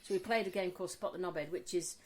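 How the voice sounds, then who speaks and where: A woman co-hosting a podcast who tells relaxed anecdotes in casual chat and laughs often. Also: on the low side, fast talker. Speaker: podcast co-host.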